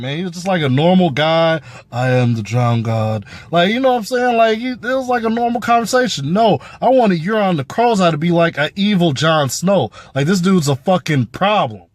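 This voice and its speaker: A man's voice: high voice, no echo. A man giving a casual, profane review of a TV episode, rambling with lots of fillers. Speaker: show reviewer.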